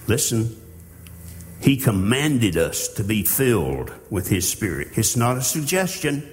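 A man preaching a sermon in a slow, earnest way, with halting restarts. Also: medium pitch, big pitch swings. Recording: long hall reverb.

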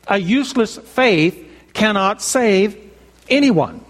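A man preaching a sermon, measured and emphatic, slowing down to stress key phrases. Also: high-pitched. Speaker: pastor. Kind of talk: expository sermon. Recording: long reverb of a large hall.

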